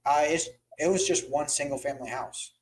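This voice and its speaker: Co-host, male, fairly high voice, breaks in with short remarks and quick "yep"s. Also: a little hiss or hum, poor audio. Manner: chimes in with short agreements and brief interruptions. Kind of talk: casual podcast conversation.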